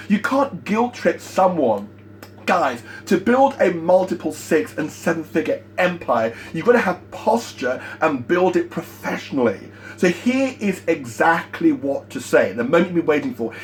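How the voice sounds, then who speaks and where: A man giving a motivational sales training talk, emphatic and energetic, repeating his key points. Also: fairly high pitch, normal speed, slight background noise.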